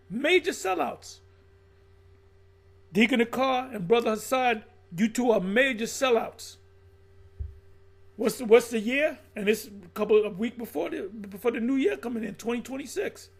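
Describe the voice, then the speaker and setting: A middle-aged man with a high, gravelly voice, preaching in a blunt and profane way. He reads lines aloud, then riffs on them and calls out his listeners. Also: normal speed. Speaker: religious teacher.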